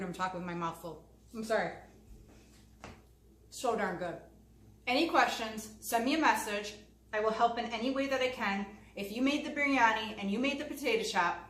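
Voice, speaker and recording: A woman hosting a casual cooking demonstration, chatty and enthusiastic as she talks straight to her viewers from a home kitchen. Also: fairly high pitch. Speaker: cooking channel host. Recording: echoey room with faint background noise.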